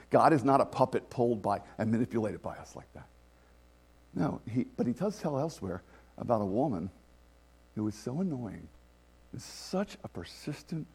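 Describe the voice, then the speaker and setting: A man preaching a conversational sermon as pastor, animated and laughing often. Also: mid-range voice, husky.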